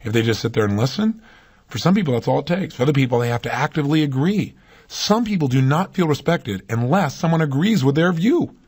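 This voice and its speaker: Fast-talking husky motivational speaker man. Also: a little high, sing-song, darkish tone. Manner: emphatic, asks the listener rhetorical questions. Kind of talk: motivational talk.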